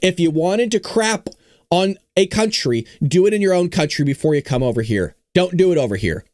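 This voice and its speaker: Lively, sarcastic male political talk host. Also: sits high, moderate pace, no echo, studio quality. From California. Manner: animated, sarcastic, mock-dumb asides. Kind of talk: casual political commentary livestream.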